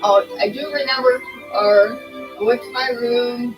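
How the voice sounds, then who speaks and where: A woman's voice: fairly high pitch, fairly even intonation, unhurried, low-quality recording. A woman commenting casually on a video game as she plays, chatty and rambling with self-deprecating asides. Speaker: gaming streamer. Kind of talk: casual let's-play commentary. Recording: voice over game music. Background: game music.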